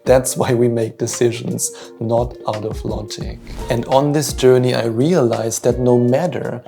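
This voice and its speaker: A man's voice: medium pitch, steady tone, measured pace, creaky, mellow, faint music behind. A man with a German accent giving an earnest, motivational self-help talk with a self-mocking streak. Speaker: manifestation coach.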